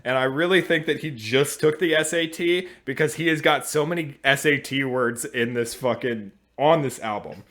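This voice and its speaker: A man's voice: mid-range voice, normal speed, hardly any pauses, a bit bright. A young man co-hosting a casual podcast, giving short reactions and dry asides. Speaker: podcast co-host.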